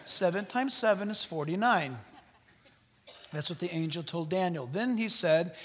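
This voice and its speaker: A man's voice: high-pitched, normal speed, a bit bright. A man preaching a sermon, speaking animatedly to the congregation and acting out the voices in the biblical dialogue. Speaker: pastor. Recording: long hall reverb.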